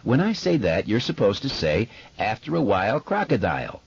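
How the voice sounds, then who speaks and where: A man's voice: lowish voice, very animated, moderate pace, vocal fry, dull audio, slight background noise, pitched above the performer's own voice. A man voicing a fretful, chatty eleven-year-old boy with asthma, in an audiobook.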